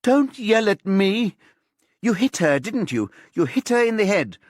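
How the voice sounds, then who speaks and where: Man voicing a volatile young woman, shrieking high. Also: big pitch swings, fairly quick, no echo, clean studio sound. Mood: screaming. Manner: hushed whispers flaring into shrieks.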